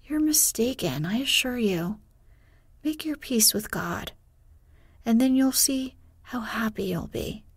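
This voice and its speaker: A woman's voice: on the high side, animated, slow, slightly rough, no room sound, clean studio sound, exaggerated voice. Woman reading an earnest old village pastor.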